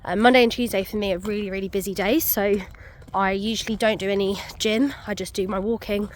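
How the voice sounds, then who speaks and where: A woman's voice: medium pitch, fairly even intonation, fairly quick, slight background noise. A young woman, out of breath, chatting casually to camera on a muddy country walk with many ums. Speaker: vlogger. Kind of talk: casual walking vlog.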